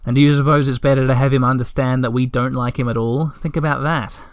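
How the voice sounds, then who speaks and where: A man's voice: mid-range voice, steady tone, fast talker, dry recording, natural voice. A practical, no-nonsense little female creature from a storybook, speaking bluntly and matter-of-factly, as a male reader voices her in his own tone. The recording is dry and close.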